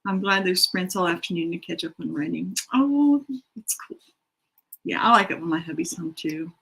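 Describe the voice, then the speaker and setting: Chatting on a casual livestream from a room at home, a middle-aged woman runs a writing sprint, reads comments aloud, and rambles with self-deprecating jokes. She speaks at normal speed in a fairly low, creaky voice that is fairly bright with a breathy edge, and the audio quality is low.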